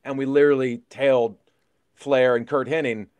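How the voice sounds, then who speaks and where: A middle-aged man co-hosting a podcast, telling a story in casual chat, excitable and swearing freely as he re-enacts moments. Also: mid-range voice, normal speed, dry recording. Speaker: podcast co-host.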